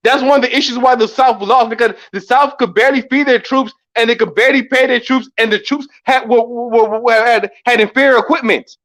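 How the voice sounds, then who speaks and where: Very high-voiced man, fast and insistent. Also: steady tone, a bit bright. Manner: insistent, stammering repeats. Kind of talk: casual argumentative chat.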